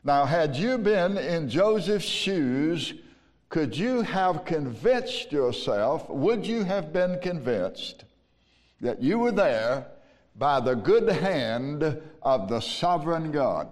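A Southern American man preaching from the pulpit in a slow, deliberate cadence, his voice sitting a little high. His words ring out with the long reverb of a big church sanctuary. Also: very animated, darkish tone. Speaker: pastor. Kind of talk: sermon. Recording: long reverb of a large hall.

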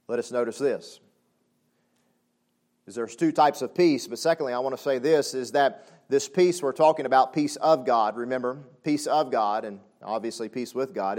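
A man preaching a sermon. He talks conversationally with frequent asides and swings between loud exclamations and soft, low passages. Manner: conversational, with frequent "you know what I'm saying" asides. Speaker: pastor.

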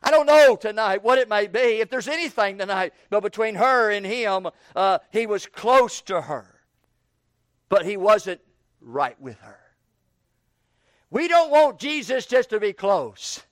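High-voiced preacher, smooth and dry. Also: male voice, animated, measured pace, dry recording. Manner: folksy preaching, repeats "tonight", rising to shouted rhetorical questions. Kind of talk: evening sermon.

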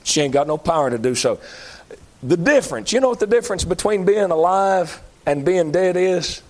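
High-voiced preacher, impassioned. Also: male voice, expressive, moderate pace. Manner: impassioned preaching, swinging between high shouts and low pleading. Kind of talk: sermon.

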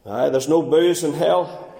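A man preaching a fervent sermon as pastor, swinging between quiet and raised passages. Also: fairly high pitch, unhurried, gravelly, reverberant. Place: church.

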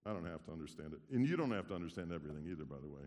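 A man serving as pastor, giving an informal sermon in a relaxed, conversational way with dry humor. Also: low-pitched, very fast. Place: church sanctuary. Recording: long church hall reverb.

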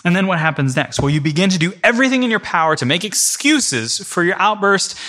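Male preacher with a slightly high, forceful voice, storytelling casually to a congregation. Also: very animated, brisk. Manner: vivid storytelling in the second person, addressing the room directly. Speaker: preacher teaching a church class. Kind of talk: conversational teaching before a congregation.

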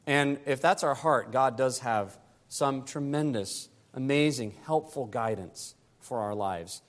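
A pastor preaching a sermon, climbing higher and louder to press his points and dropping soft and low to close them. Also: unhurried, long reverb tail.

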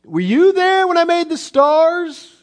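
A man voicing God as a thundering challenger, booming and rising in defiance. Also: big pitch swings, slow, full character voice. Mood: defiant.

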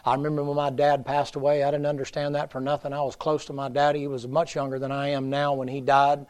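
A middle-aged man preaching a revival sermon, folksy and storytelling, swinging from loud to hushed. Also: medium pitch, completely flat delivery, fast talker. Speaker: pastor.

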